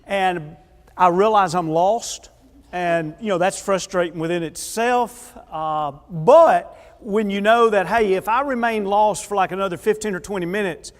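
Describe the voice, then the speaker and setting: A man preaching a sermon in a church, telling lively personal stories and acting out quoted voices, then turning earnest. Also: high voice, unhurried. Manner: animated storyteller, acts out quoted voices, drops quiet and earnest later. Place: church auditorium. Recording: echoey church hall.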